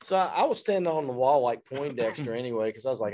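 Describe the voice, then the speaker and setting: A man tells a story with animated, self-deprecating humor. He speaks as a fire service instructor in an interview, and his voice sits in an ordinary middle pitch. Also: fast talker, a little hiss or hum.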